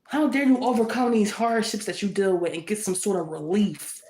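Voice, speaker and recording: A woman's voice: mid-range voice, animated, moderate pace, a little mellow. Fiery woman reading tarot in a roomy space. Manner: fiery, confrontational, repetitive. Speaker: tarot reader.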